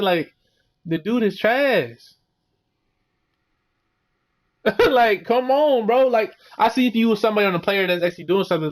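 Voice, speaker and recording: A young man ranting heatedly as a fan vlogger, slangy and repetitive. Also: high voice. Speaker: sports vlogger. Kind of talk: casual fan rant.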